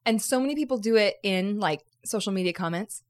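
A woman co-hosting a podcast in casual chat, playful and teasing. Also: mid-range voice. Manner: playful, teasing, quick with agreement. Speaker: podcast co-host.

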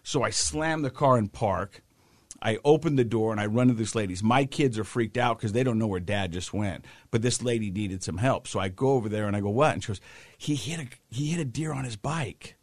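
This co-host of a casual talk show is a man with a lowish voice who talks fairly quickly, with no room sound. He is an animated storyteller, telling his tale energetically and playing the people in it.

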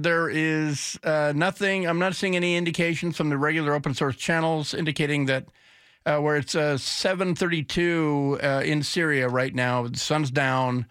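A man's voice: a little high, fairly bright tone, dry recording. A man hosting a talk radio show in a studio, rambling off the cuff with sardonic asides. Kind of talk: casual talk radio monologue.

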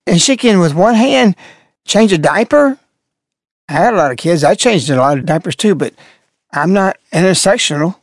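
A man's voice: high voice, expressive, moderate pace, no echo, clean studio sound. An older man, a religious broadcaster, commenting sarcastically and mockingly on clips he plays.

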